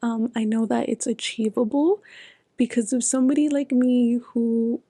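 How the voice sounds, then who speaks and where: A young woman talking through a self-help podcast episode in an earnest, frank way, cursing freely and sometimes slipping into a whisper to stress a point. Her voice sits a little high yet sounds mellow and gravelly. The recording is dry, with no room sound. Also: fairly even intonation, normal speed, no room sound. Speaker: podcast host.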